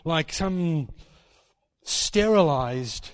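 A man preaching a sermon in a church hall, animated and mocking as he acts out quotes in put-on voices. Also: a little high, drawn-out words. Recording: long hall reverb.

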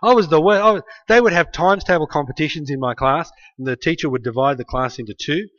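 Brief: man, preacher, animated storytelling sermon, loud-soft swings, muffled sound. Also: a little high, fast. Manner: emphatic, storytelling, frequent "hey" asides, swings from loud to quiet. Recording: dull lo-fi sound.

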